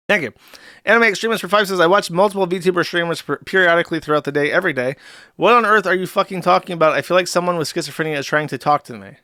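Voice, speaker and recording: A man's voice: fairly high pitch, gravelly, bright, forceful tone, no room sound, clean studio sound. A man hosting a livestream in a casual chat style, reading out donation messages in an offhand, sardonic way. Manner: offhand and sardonic, with quick laughs. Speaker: host.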